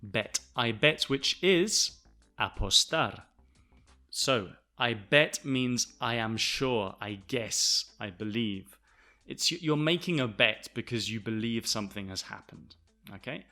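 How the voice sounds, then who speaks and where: Bright-voiced Southern English teacher. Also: male voice, mid-range voice, expressive. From south of England. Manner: clear, deliberate, spells words out. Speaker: English teacher, podcast host. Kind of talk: explaining vocabulary to learners.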